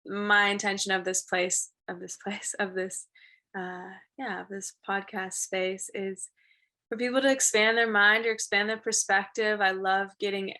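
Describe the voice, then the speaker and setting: A woman's voice: mid-range voice, fairly even intonation, a little slow, bright, forceful tone. A young woman hosting her own podcast, chatting casually in a bubbly, giggly, gushing way. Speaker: podcast host. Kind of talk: casual solo podcast talk.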